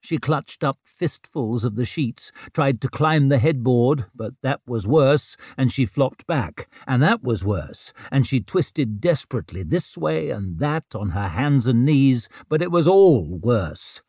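Male audiobook narrator, animated delivery, dry studio sound. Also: medium pitch, unhurried, hardly any pauses, husky, no room sound. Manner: expressive storytelling. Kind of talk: scripted narration.

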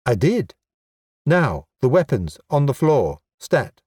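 A man's voice: mid-range voice, big pitch swings, slow, darkish tone, slightly rough, no echo, pitched above the performer's own voice, full character voice. A man voicing a pompous but helpless male elf lawyer, lofty and fretful in manner, recorded dry. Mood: commanding.

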